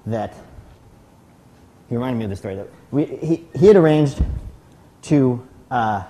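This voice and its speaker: Lively man telling a story. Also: medium pitch, unhurried. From United States. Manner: animated storytelling with frequent restarts. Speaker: guest speaker at a celebration. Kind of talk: anecdotal tribute speech.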